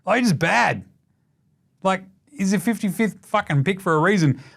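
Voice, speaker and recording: An Australian man hosting a basketball show, talking in a casual, profane and mocking way, getting loud when he rants. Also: expressive, moderate pace, gravelly. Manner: gets loud and high when ranting. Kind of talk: casual sports commentary rant.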